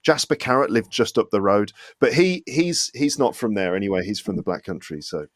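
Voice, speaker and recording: A man in his forties from Solihull in England's West Midlands, with a faint trace of the local accent, chats as a guest in a casual interview. He's an English teacher and podcaster whose lowish, expressive voice runs a little fast; he's self-deprecating and laughs often, recorded at studio quality with no echo.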